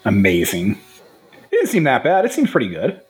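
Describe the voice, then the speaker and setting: A man's voice: medium pitch, moderate pace, soft background music. A man playing in a tabletop game, bantering and rambling through jokes about movies. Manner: animated, rambling, joking. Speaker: player.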